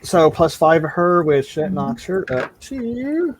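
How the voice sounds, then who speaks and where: Lively man running a tabletop game. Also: fairly high pitch, slow, slight background noise, rough recording. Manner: lively, stumbling over repeated words. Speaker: game master.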